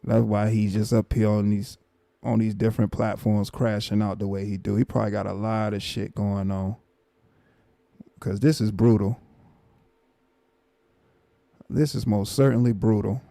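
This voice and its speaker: A man with a gravelly, mellow voice reacts on a live stream, repeating himself in exasperated disbelief. His sound is dry and close, with no room around it. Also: on the low side, flat delivery, moderate pace, no room sound. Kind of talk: casual reaction commentary.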